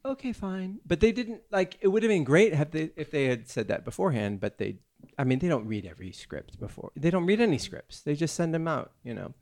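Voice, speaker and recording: A man's voice: on the high side, big pitch swings, a little fast, a little mellow. A man in casual chat, telling a rambling story full of restarts and self-interruptions. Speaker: actor and podcast co-host.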